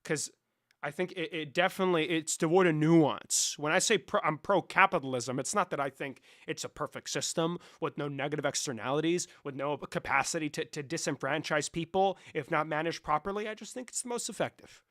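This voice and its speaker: A young man talks off the cuff on a livestream, swearing freely and rambling between jokes. His voice sits a little high and has a sharp, bright edge. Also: fairly quick. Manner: profane, rambling, loose and joking. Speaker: streamer. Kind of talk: casual livestream chat, answering chat.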